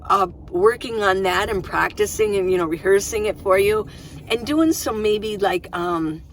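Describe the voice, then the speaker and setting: A woman's voice: mid-range voice, moderate pace, slight background noise. A middle-aged woman vlogging from inside her minivan, chatting casually and rambling, often restarting her sentences. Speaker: van-life vlogger. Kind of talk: casual chat to camera.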